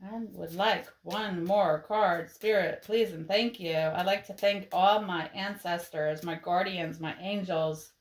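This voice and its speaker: A woman giving a tarot card reading to her viewers, speaking in a slow, soothing, encouraging way. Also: on the low side, steady tone. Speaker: tarot reader.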